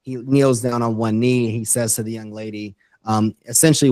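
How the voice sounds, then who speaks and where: A man's voice: medium pitch, steady tone, normal speed, warm tone, no echo. A man who is a guest educator on a podcast interview, earnestly explaining his ideas step by step. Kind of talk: interview conversation.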